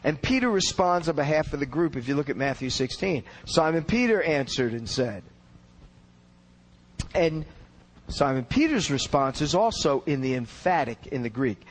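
A man with a voice pitched a bit above the usual male range teaches scripture verse by verse. He speaks earnestly and explains as he goes, pressing hard on the words he wants to stress. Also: sing-song, normal speed, rough recording. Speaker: Bible teacher. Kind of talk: expository Bible teaching.

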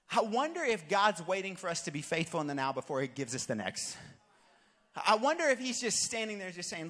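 A young adult man, a pastor, preaching with animated, jokey storytelling that builds to shouted exhortation. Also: high-pitched, fairly quick. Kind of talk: sermon with storytelling. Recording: long reverb of a large hall.

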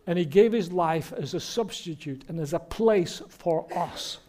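A man's voice: high-pitched, unhurried, a little mellow. A man preaching a Christmas sermon, earnest and direct, often asking the listeners rhetorical questions. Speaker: pastor.

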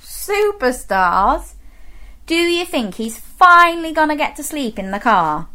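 A woman's voice: high voice, very animated, normal speed, sharp tone. A woman reading a picture book aloud to young children, playful and encouraging, inviting them to join in with sounds. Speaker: children's storyteller.

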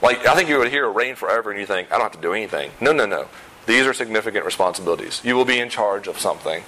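A pastor preaching a sermon in a conversational way, with self-deprecating humor and emphatic repetition of key points. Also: male voice, on the low side, animated, quick pace, pushed and bright, rough recording. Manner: emphatic, repeats key phrases.

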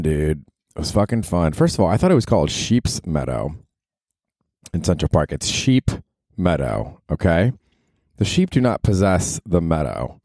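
Deep-voiced, profane podcast host. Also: male voice, dark tone, dry recording, studio quality. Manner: profane, rambling, jokey. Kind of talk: casual solo podcast monologue. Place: New York.

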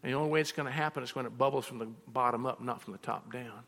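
A man's voice: mid-range voice, very fast, vocal fry, fairly bright tone. A man preaching a sermon as a pastor, telling personal stories and acting out both sides of conversations. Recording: reverberant hall.

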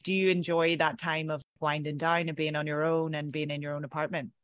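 A woman's voice: deep voice, little pitch movement, fairly quick, fairly bright tone, dry recording, clean studio sound. A woman with an Irish accent hosting a casual interview, encouraging and reflective. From Ireland. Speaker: podcast host.

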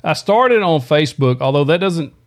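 A man's voice: fairly high pitch, animated, normal speed. A middle-aged man co-hosting a live stream, easygoing and chuckling as he reads viewer comments and gives practical advice. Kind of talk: casual chat, answering viewer questions.

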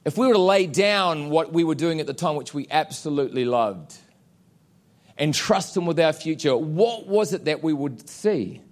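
A man preaching a sermon, declaring promises emphatically and pausing for effect. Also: on the high side, lively intonation. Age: adult with children. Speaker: pastor.

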